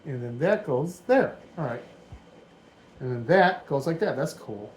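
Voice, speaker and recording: Man in his forties, relaxed build-along vlogger, chatty and meandering, average-pitched voice, dim room at home. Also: measured pace, slight background noise, poor audio. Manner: rambling, thinking aloud, easygoing. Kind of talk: casual build commentary.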